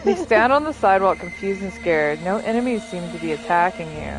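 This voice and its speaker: A woman narrating as game master of a tabletop role-playing game, in measured, descriptive narration. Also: mid-range voice, animated, soft background music.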